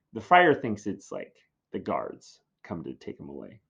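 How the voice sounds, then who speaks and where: A man's voice: sits low, sing-song, moderate pace, creaky, dull audio. A man teaching in a casual classroom style, chatty and full of fillers as he explains a play.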